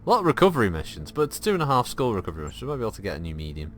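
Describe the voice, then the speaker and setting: Man, deep voice, game streamer, casual rambling commentary, swears casually, faint music behind. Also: wildly swooping pitch, rapid-fire.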